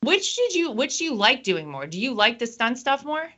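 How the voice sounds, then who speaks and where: A woman's voice: a little high, big pitch swings, normal speed, a bit bright. A woman hosting an interview show, chatty and enthusiastic with jokey asides. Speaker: show host. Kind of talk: casual interview chat. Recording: dull, lo-fi sound.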